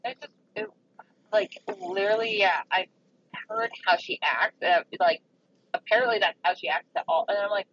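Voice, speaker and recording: A woman in casual chat with friends, talking in an animated way and agreeing readily. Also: medium pitch, normal speed. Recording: muffled audio with faint noise.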